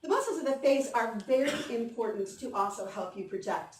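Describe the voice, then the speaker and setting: Woman voice coach, encouraging workshop leader, higher voice, echoey hall, faint room hum. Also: brisk. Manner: animated and encouraging, guiding the audience through exercises. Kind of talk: conference workshop talk with exercises. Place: conference hall. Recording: echoey hall, mic from a distance.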